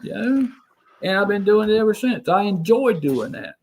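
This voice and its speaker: A man's voice: sits high, expressive, moderate pace, a little mellow, a little hiss or hum. A man from Alabama with a Southern American accent, a plainspoken guest on a radio talk show who repeats himself for emphasis. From Alabama, USA. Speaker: guest, property owner who records sounds. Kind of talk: casual radio interview chat.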